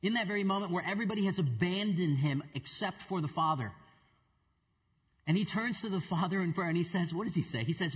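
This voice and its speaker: A man's voice: high-pitched, animated, a little fast, big-room sound. A middle-aged man preaching as a pastor, earnest, repeating words for emphasis and putting questions to the congregation. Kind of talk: sermon with opening prayer. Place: church sanctuary.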